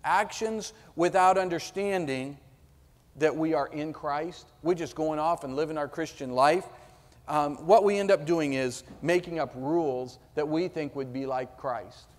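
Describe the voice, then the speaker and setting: Slow, emphatic preacher in a reverberant church. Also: male voice, fairly high pitch. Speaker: pastor. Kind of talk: sermon. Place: church sanctuary.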